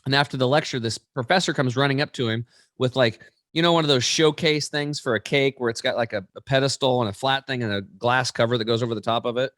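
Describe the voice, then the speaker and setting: A man in his forties, a guest in an interview, telling stories in an animated, emphatic way. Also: mid-range voice, fast, dry recording, studio quality. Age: 40s.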